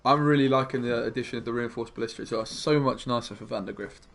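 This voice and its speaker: A man's voice: mid-range voice, fast, vocal fry, a bit bright. A young man streaming a card game, chatting casually with his viewers and muttering about his plays. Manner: chatty, laid-back, mumbles asides to himself.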